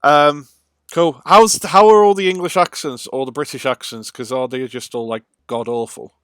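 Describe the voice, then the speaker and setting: A man's voice: a little high, steady tone, moderate pace, fairly bright tone, clear, resonant tone, dry recording, studio quality. A man streaming a video game live, chatting in a loose, rambling way with frequent ums and uhs. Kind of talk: casual let's-play livestream commentary.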